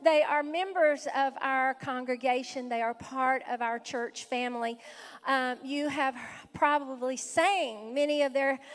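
A woman's voice: sits high, fairly even intonation, measured pace. A woman pastor welcoming visitors from the pulpit, exuberant and full of praise exclamations. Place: church sanctuary. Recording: reverberant hall with a faint congregation.

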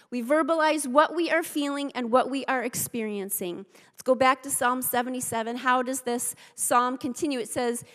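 Her voice sitting high and a bit bright, a woman pastor delivers an emphatic sermon. She speaks right to the congregation and keeps returning to key phrases, all under the long reverb of a big hall.

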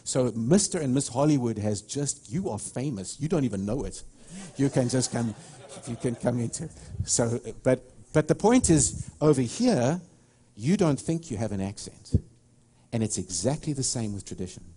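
A man's voice: mid-range voice, animated, normal speed, warm tone. A middle-aged man with a South African accent preaching a sermon, telling stories with many restarts. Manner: rambling, storytelling with many restarts. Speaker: pastor.

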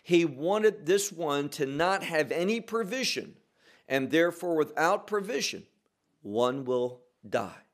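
Male Bible teacher, fairly high voice, deliberate and emphatic, verse-by-verse teaching. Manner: slow, emphatic, asks and answers his own questions.

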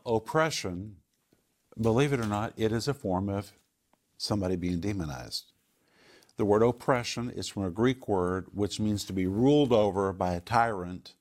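Deep-voiced man teaching with calm confidence. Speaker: Bible teacher. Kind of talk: answering viewer questions on a talk show.

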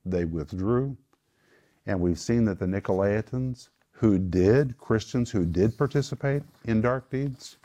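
A low-voiced man leads a home-group Bible teaching as its host. He speaks emphatically, leaning hard on the words he wants to stress. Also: dark tone.

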